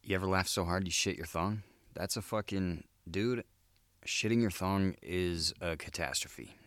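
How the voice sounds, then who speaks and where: Very deep-voiced crude male host. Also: measured pace, a bit bright, no room sound. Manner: crude, laid-back, swears a lot and says "dude". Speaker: podcast host. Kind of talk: solo comedic monologue.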